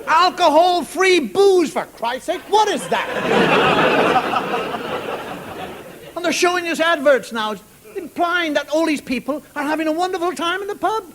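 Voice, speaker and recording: A middle-aged Irish man doing a wry, rambling stand-up monologue on a TV studio stage, mimicking voices and now and then shouting. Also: very high voice, lively intonation, measured pace, pauses often, a crowd in the background. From Ireland. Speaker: stand-up comedian. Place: television studio with audience. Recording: broadcast studio with audience laughter and noise. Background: studio audience laughter.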